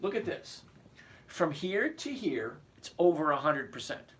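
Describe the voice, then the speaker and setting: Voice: mid-range voice, sing-song, unhurried, a bit bright. A trading instructor giving a live stock and options lesson, blunt and emphatic, repeating key points and making sarcastic asides to viewers.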